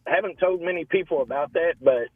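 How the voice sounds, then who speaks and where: A man's voice: fairly high pitch, quick pace, breathy edge, no room sound, phone-quality sound. A man from Louisville calling into a radio show, earnestly telling a story that still shakes him. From Louisville, Kentucky, US. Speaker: caller. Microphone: phone.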